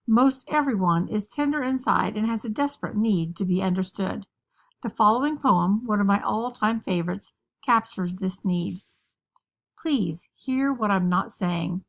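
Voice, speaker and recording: A woman's voice: mid-range voice, creaky. Earnest woman narrating a lesson. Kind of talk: lesson narration with a poem reading.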